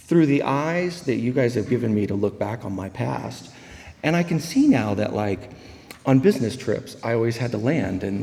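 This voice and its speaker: A man's voice: mid-range voice, a little mellow, long reverb tail. A man, giving a rambling, humorous personal recovery talk at a meeting. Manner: humorous, rambling storyteller with many fillers. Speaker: AA meeting speaker.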